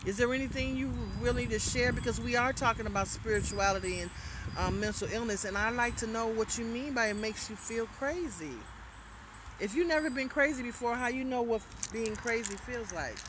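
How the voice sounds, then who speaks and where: A woman's voice: fairly high pitch, a little fast, background noise. A woman hosting a casual livestream, reading viewer comments and giving spiritual advice in a loose, rambling way. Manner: chatty and loose, trailing off and restarting. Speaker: livestream host.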